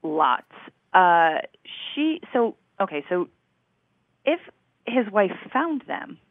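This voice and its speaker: A co-host talking through a true-crime case in a measured, analytical way, stopping and restarting often. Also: medium pitch, very animated, dry recording. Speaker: podcast co-host. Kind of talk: casual chat about a true-crime series. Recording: tinny phone-like remote line.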